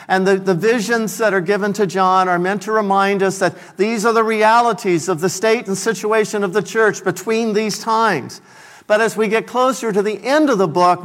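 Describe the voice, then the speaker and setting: A man's voice: sits high, a bit bright. A man preaching a sermon, explaining scripture and reading passages aloud with raised emphasis. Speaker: pastor.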